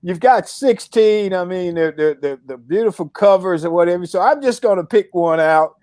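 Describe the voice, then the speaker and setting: High-voiced man hosting, dry sound. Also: normal speed, darkish tone, dry recording. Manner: easygoing, laughs along. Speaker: host. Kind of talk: casual interview.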